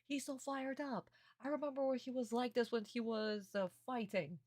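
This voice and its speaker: A woman voicing an excitable teenage boy who talks in a raised, admiring tone. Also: fairly high pitch, normal speed, dry recording, voice pushed up, natural voice.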